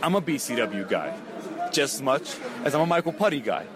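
A man's voice: mid-range voice, big pitch swings, fairly quick. A man from the Bronx, a wrestler, answering post-match questions in an earnest, rambling way. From the Bronx, New York. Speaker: pro wrestler. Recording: crowd noise outdoors.

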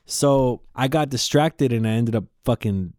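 A man hosting a podcast, telling a story in a rambling, profane, animated way. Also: medium pitch, a little slow, no echo, clean studio sound. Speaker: podcast host.

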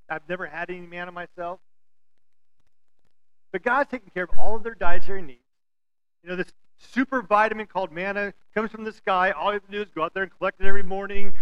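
Bright, animated male preacher. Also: sits high, clean tone, rough recording. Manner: animated storytelling with acted-out quotes and humor. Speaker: pastor. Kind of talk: sermon.

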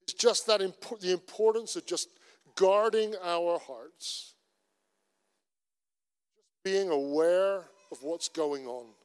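A middle-aged Cornish man delivers a sermon in a high voice. His preaching is earnest and conversational, with lots of repetition. A long church-hall reverb trails behind him. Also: slow, pauses often, clean tone. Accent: Cornish English. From Cornwall. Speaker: pastor.

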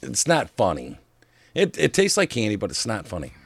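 A man's voice: on the low side, huge pitch swings, normal speed, gravelly, slightly rough, no echo. A man co-hosting a casual talk show, rambling and joking with frequent laughs. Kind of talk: casual chat.

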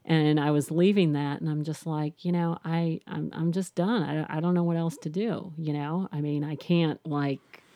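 Low-voiced middle-aged woman, candid and reflective. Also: steady tone, normal speed, few pauses, dark tone. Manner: candid and reflective, with frequent restarts and "you know". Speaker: guest. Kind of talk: personal storytelling in an interview.

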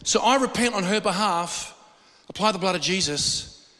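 Bright-voiced, high preacher. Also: male voice, normal speed, long reverb tail. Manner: animated storytelling with acted-out quotes and laughs. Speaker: pastor. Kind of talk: sermon.

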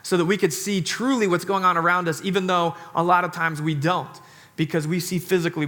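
A man in his thirties preaches to his congregation in a church, loose and joking and full of "like" fillers. His voice sits a little high and rings bright and forceful. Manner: chatty, joking sermon delivery with many "like" fillers. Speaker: pastor. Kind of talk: sermon. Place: church sanctuary.

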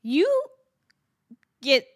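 A woman co-hosting a podcast, chatting casually with lots of laughter and swearing. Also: drawn-out words. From raised in the US by a Persian mother. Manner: laughing, swearing, animated banter. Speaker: podcast co-host. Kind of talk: casual chat.

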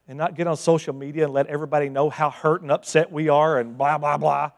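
A man with a high-pitched voice preaches a dramatic sermon. He swings from fiery outbursts to hushed, intense asides and keeps throwing rhetorical questions at the congregation. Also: flat delivery, fast, in a large hall. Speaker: pastor.

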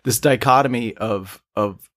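A man's voice: mid-range voice, a little slow, a bit bright, no echo, clean studio sound. A man co-hosting a podcast in casual chat, thoughtful and analytical with slight stammers. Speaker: podcast co-host.

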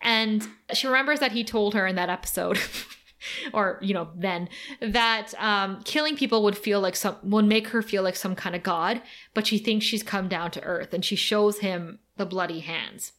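A young woman hosting a podcast, recapping an episode in casual, animated chat with laughter and swearing. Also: mid-range voice, moderate pace. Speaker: podcast host.

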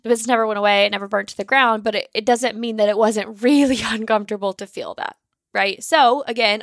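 A woman's voice: fairly high pitch, a bit bright, no echo, clean studio sound. A woman, hosting her own podcast in a bubbly, chatty way, casually swearing and saying "like" often. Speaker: podcast host and business mentor.

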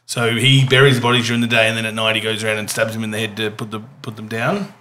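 A man's voice: lowish voice, flat delivery, quick pace, pushed and bright, a little hiss or hum. A man hosting a casual group chat about films, rambling with fillers and laughing often. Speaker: podcast host.

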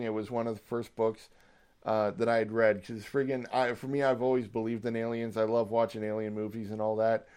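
Excitable young man with a smooth voice. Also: lowish voice. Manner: excitable, swears a lot, hyped fan rambling. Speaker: podcast host. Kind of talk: casual solo podcast chat.

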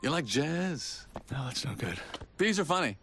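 A nervous chatty cartoon bee, voice jumping all over, music playing under it. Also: male voice, on the high side, very animated, moderate pace, fairly bright tone. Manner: jittery self-talk. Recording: film clip with music behind.

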